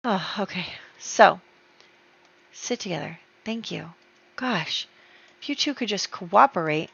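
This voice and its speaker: A woman's voice: mid-range voice, expressive, slow, gravelly, fairly bright tone, slightly rough. A woman casually commenting on her life-sim game, chatty and storytelling, with many fillers. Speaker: gameplay YouTuber. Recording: dull lo-fi dry sound.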